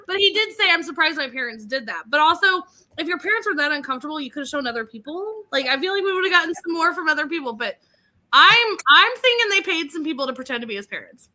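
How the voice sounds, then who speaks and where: A woman co-hosting a podcast in casual chat, gushing and animated, laughing often. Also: very high-pitched, fast talker. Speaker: podcast co-host.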